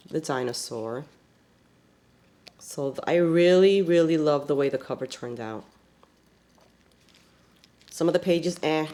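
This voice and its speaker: Very low-voiced woman chatting about crafts. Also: darkish tone. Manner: chatty, rambling, many fillers. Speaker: scrapbook crafter. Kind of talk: casual show-and-tell.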